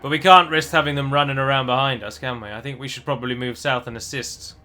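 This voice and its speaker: A man's voice: mid-range voice, fairly even intonation, quick pace, sharp tone, faint music behind. A man commentating on his own strategy game play, chatty and self-deprecating, thinking his moves out aloud. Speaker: game streamer.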